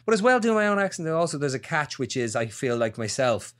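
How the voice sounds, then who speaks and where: A man's voice: on the high side, very animated, brisk. A man with an Irish accent, a guest actor thinking aloud in a casual podcast interview. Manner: reflective, searching for words.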